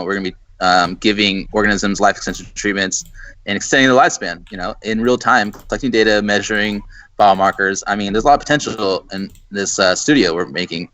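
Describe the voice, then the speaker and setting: A man's voice: fairly low pitch, fairly bright tone, no echo, rough recording. A man hosting a podcast in loose casual chat, swearing and filling with "uh" and "like". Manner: loose, swears, many fillers.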